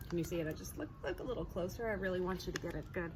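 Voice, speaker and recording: Outdoors, with sirens and street noise behind her, a woman with a lowish, slightly mellow voice races through a children's picture book on a low-quality recording. Between pages she chats with the young listeners and acts out the animal sounds.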